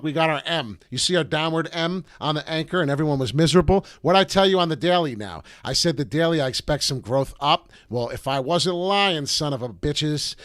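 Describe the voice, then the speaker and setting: A man's voice: on the high side, no room sound, clean studio sound. Hyped, swearing man on a live stream. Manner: loud, hyped and profane, jumps between topics. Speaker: crypto video host. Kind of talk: live-stream chat with viewers.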